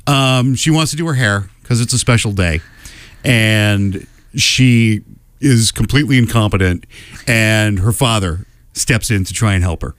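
A man hosting a casual podcast about films, thoughtful, often pausing and restarting his sentences. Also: lowish voice, fairly bright tone, dry recording. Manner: thoughtful, with many fillers and restarts. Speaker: podcast host. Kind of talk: casual film chat.

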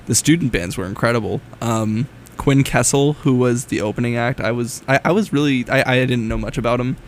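A man's voice: medium pitch, fairly quick, a little hiss or hum. A young man co-hosting a student radio show, chatting with eager enthusiasm and gushing about what he liked. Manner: enthusiastic, laughs easily, gushing praise. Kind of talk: casual chat on air.

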